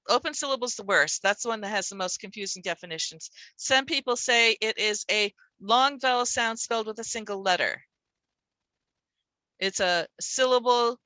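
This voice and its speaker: A woman's voice: medium pitch, bright, forceful tone, no echo, poor audio. A middle-aged woman leading a teaching workshop, explaining in a conversational way with rhetorical questions. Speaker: literacy teacher trainer.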